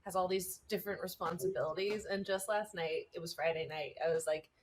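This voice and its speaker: A woman's voice: lowish voice, fairly even intonation, fairly quick, a little hiss or hum. A young adult woman co-hosting a podcast, chatting casually and filling her talk with "like". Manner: chatty, many "like" fillers. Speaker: podcast co-host. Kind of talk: casual chat.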